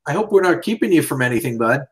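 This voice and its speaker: A man's voice: a little high, very animated, quick pace, poor audio. A man hosting a casual livestream, easygoing, reading viewer comments aloud and laughing along. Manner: easygoing, laughs, reads out chat.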